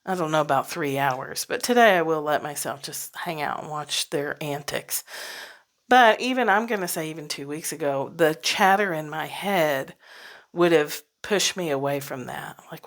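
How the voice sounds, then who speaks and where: A woman's voice: low voice, moderate pace. A woman hosting a solo podcast, talking casually and reflectively, laughing often and dropping into whispered asides. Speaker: podcast host.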